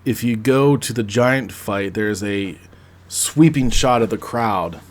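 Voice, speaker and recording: Man casually recapping a film, low voice. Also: slow. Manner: rambling, conversational, frequent restarts. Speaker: podcast host reviewing a film. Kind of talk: casual plot recap and review.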